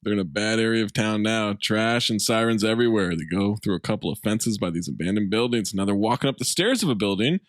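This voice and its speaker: A man's voice: fairly low pitch, quick pace, few pauses, dry recording, studio quality. A man co-hosting a podcast, casually recapping a film plot with lots of laughter. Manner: laughing, animated retelling. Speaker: podcast co-host.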